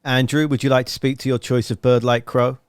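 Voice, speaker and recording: An English-accented man hosts a relaxed interview and asks long, winding questions full of playful asides. His voice sits at a middle pitch. It sounds dry and close, with no room echo. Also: a little fast, clean tone. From England. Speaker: podcast host. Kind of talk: conversational interview.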